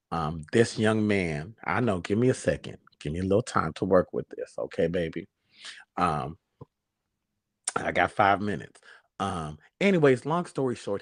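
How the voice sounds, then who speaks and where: A man's voice: sits low, darkish tone, dry recording, studio quality. A man hosting a talk show, telling stories and giving a preachy, sassy reflection that calls listeners baby. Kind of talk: casual talk show monologue.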